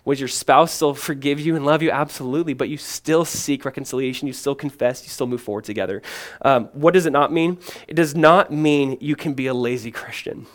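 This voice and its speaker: Preaching at a medium pitch and a fairly quick pace, this pastor speaks with earnest emphasis. He poses questions and answers them himself, alternating bold declarations with quiet, chatty asides full of "man."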